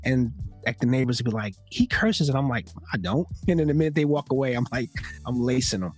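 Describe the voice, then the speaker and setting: A man hosting a casual talk podcast, telling stories and acting out loud quotes as he goes. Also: medium pitch, fast talker, breathy edge, soft background music. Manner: animated storytelling with loud acted-out quotes. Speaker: podcast host. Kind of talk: casual conversation.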